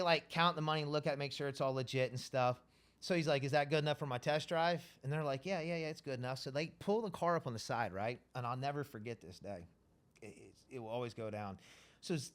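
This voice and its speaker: A man telling a wild story as an interview guest, animated and profane, rambling casually. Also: medium pitch, clear, resonant tone.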